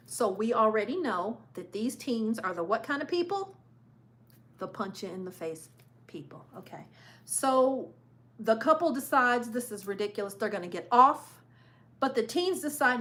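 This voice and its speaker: Lady doing casual cruise news chat, kinda high voice, repeats herself a lot, laughs easy. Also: lively intonation, moderate pace, fairly bright tone. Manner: chatty, repeats phrases for emphasis, laughs often. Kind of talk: casual live-stream commentary.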